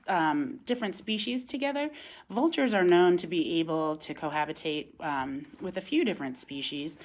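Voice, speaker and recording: A woman with a somewhat low voice leads a live-streamed feeding demonstration at a wildlife center. She slips into coaxing, sing-song talk with the birds between calm explanations. Now and then she reads out and thanks viewer comments, filmed on a phone camera. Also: a little hiss or hum.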